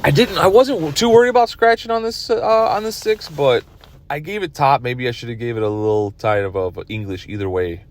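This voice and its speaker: In this casual video, a weary, yawning man narrates his own pool match from the driver's seat. He speaks briskly in a fairly high voice, wandering from point to point and knocking his own play.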